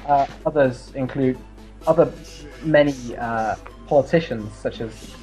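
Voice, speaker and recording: A man's voice: medium pitch, measured pace, warm tone, soft background music, low-quality recording. A man hosting an online English conversation club, talking casually with many fillers and restarts. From New Zealand.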